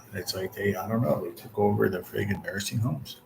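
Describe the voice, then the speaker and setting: A man's voice: fairly low pitch, steady tone, quick pace, gravelly, hardly any pauses, a little mellow, a little hiss or hum. A man in his forties chatting casually with his livestream viewers, venting bluntly and swearing often. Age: 40s. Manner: talks straight to viewers and chat. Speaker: channel host.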